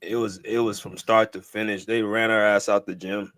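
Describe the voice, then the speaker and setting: Male live-stream podcast host, low-ish pitch, relaxed slang, dead-dry sound. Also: normal speed, no room sound. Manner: laid-back, slangy, addresses live viewers. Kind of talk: casual sports chat.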